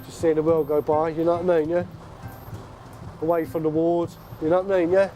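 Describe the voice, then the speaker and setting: A man's voice: on the high side, level tone, brisk, dark tone, soft background music. A man, a psychiatric inpatient out on leave, talking casually and constantly adding "you know what I mean". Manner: chatty, peppers talk with "you know what I mean" and laughs. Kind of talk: casual chat while out and about.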